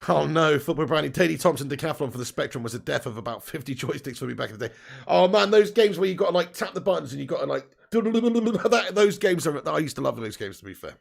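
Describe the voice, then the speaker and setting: A man's voice: on the high side, lively intonation, fast, vocal fry. A man in his thirties, hosting a football watch-along stream, reading out chat messages in a casual, chatty way with frequent laughs and casual swearing.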